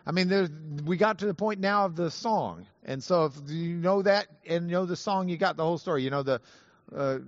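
A man teaching a Bible lesson to an audience, animated and playful, spelling out Hebrew words slowly. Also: fairly high pitch, no room sound, muffled recording. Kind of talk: lively teaching talk to an audience.

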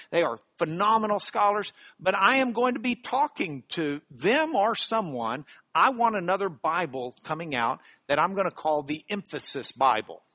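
An animated Bible teacher whose pitch swings widely, driving home key phrases again and again. Scripture passages come out slow and deliberate, and questions go straight to the listeners in a sermon-style lesson. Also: no room sound, studio quality. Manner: emphatic, repeating key phrases; reads scripture slowly and deliberately.

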